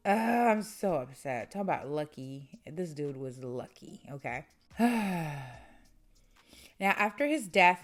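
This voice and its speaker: A young woman hosting a true crime channel, telling a case in a casual way and breaking off often to vent her indignation. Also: medium pitch. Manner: indignant, exclaiming commentary.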